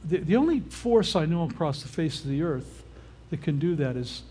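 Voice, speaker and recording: A man's voice: fairly high pitch, very animated, moderate pace, warm tone, breathy edge. An older man preaching a casual, conversational sermon who often stops to check in with his listeners. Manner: informal, often checks in with the audience. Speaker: pastor.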